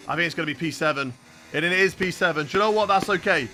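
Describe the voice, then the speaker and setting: A man's voice: on the high side, fast talker, bright, forceful tone, slight background noise. A young man streaming a racing game live, chatting to his viewers as he drives, with faint game engine sounds behind him. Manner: chatty, talks to chat while racing. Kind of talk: live gameplay commentary.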